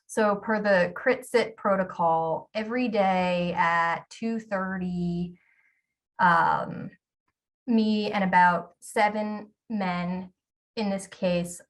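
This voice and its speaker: A woman's voice: fairly low pitch, distant mic. A woman in her forties giving a candid, self-deprecating storytelling talk as a keynote speaker, with the odd filler um.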